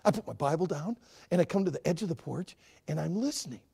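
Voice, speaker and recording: A man in his sixties preaching a sermon, telling a story and swinging from hushed to shouting. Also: fairly high pitch, expressive, fast talker, creaky, breathy edge. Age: 60s.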